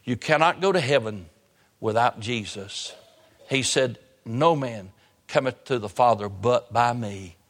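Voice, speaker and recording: A male pastor preaching a sermon in a church, repeating phrases and slowing down hard for emphasis. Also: medium pitch, a bit bright. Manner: preaching with repetition and sudden slow emphasis. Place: church sanctuary. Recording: long hall reverb.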